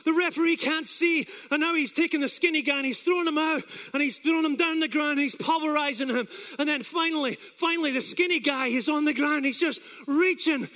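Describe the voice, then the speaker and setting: A male preacher giving a sermon, telling stories in an animated way and acting out scenes. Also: very high voice, brisk, hardly any pauses. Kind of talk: sermon with storytelling.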